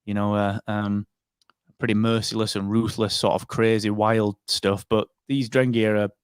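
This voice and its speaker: This podcast co-host has a lowish, smooth voice with little pitch movement, speaking at normal speed. He rambles casually with plenty of fillers and restarts, in clean studio sound without room noise.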